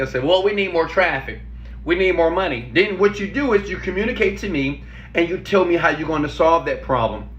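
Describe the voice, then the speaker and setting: Emphatic motivational man in a roomy space. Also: a little high. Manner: animated, emphatic, slows down for stress, asks viewers for thumbs up. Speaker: motivational speaker giving job interview tips. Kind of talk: energetic motivational talk to camera. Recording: roomy, slightly dull recording.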